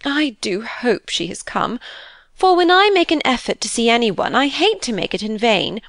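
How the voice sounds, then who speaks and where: A woman's voice: mid-range voice, very animated, a little slow, dry recording. A woman voicing a fussy, complaining older aristocratic mother in an audiobook, speaking in an injured, fretful tone. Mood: aggrieved.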